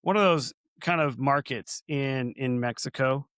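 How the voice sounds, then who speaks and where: A man's voice: medium pitch, a little slow, fairly bright tone, smooth, dry recording, studio quality. A man co-hosting a casual podcast, chatty and anecdotal, building vivid comparisons as he talks. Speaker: podcast co-host.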